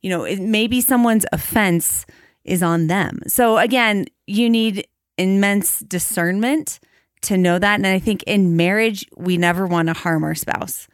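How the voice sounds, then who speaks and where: A woman in her thirties co-hosting a faith podcast, talking in a thoughtful, measured way and slowing down to spell out examples. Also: mid-range voice, dry recording, studio quality. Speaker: podcast co-host. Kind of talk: casual conversation about marriage and faith.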